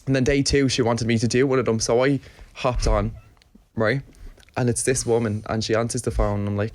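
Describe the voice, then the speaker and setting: A young man with an Irish accent, co-hosting a podcast and telling a story in casual chat, cheeky and quick to swear. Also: mid-range voice, little pitch movement. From Ireland. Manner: cheeky, swears freely, laughs through his story. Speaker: podcast co-host.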